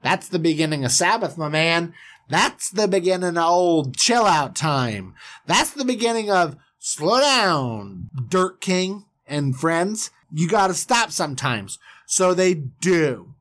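A man casually retelling an old story for laughs, playful and jokey, slipping into quick character voices. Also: fairly high pitch, very animated, a bit bright. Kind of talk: comedic Bible retelling.

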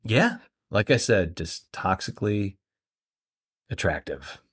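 A man from Central Florida co-hosting a podcast, chatting casually with frequent halting restarts. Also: lowish voice, very animated, husky. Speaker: podcast co-host. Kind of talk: casual chat.

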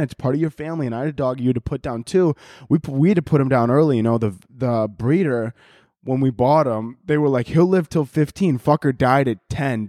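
A man's voice: mid-range voice, dark tone, dry recording, studio quality. A man hosting a podcast, talking in a rambling, crude, joking monologue and laughing often at his own stories. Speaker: podcast host. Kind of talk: casual comedic monologue.

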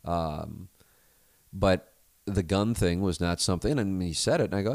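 A middle-aged American man hosts his own podcast alone, rambling candidly, restarting and correcting himself often, and swearing now and then. His deep, gravelly voice is a little mellow and animated, at normal speed. The recording is dry.

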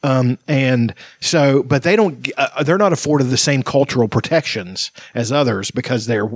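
A podcast host talks in a loose, rambling way, swearing as he goes. His voice is husky and slightly rough. The sound is dry and close, with no room around it. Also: mid-range voice, moderate pace, no room sound. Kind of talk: casual podcast chat.

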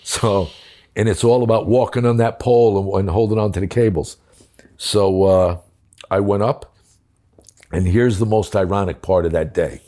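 A man's voice: lowish voice, fairly even intonation, normal speed, mellow. An older man telling a war story from his police days, blunt and profane, acting out the dialogue. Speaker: former police commissioner. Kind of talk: casual storytelling.

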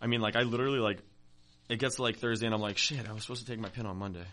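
A man co-hosting a podcast, talking loose and easy. His voice is bright and forward. He laughs a lot and swears without a second thought. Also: lowish voice, fairly even intonation, very fast, slight background noise. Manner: laid-back, laughs often, swears casually. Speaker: podcast co-host. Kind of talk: casual chat.

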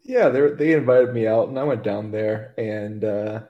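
A man's voice: on the low side, moderate pace, highs cut off. A man co-hosting a podcast, laid-back and a little hesitant in casual chat. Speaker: podcast co-host.

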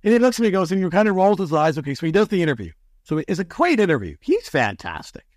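A sports broadcaster, a man, telling excitable stories as a guest on a podcast interview. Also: high-pitched, fast, no echo, studio quality. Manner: animated, excitable storyteller.

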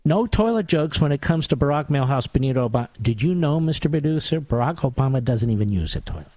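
Man, talk radio host, mocking monologue, sarcastic, lively swooping pitch, dry close sound. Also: fast talker, no echo. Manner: sarcastic, mocking, theatrical swings in tone.

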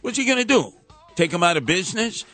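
A man's voice: high voice, big pitch swings, fast, a bit bright, faint music behind. A man hosting a talk radio show, ranting sarcastically with mocking sing-song asides.

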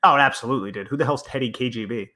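A man in a casual sports podcast breaks down players and plays in detail. He speaks at an ordinary middle pitch, conversational and analytical. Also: racing, bright, forceful tone. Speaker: podcast co-host.

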